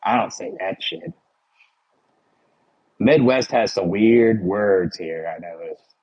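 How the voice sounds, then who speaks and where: A man's voice: on the low side, lively intonation, slow, muffled recording. A man with a Philadelphia accent chatting casually with his livestream viewers, rambling and full of "like" and "you know".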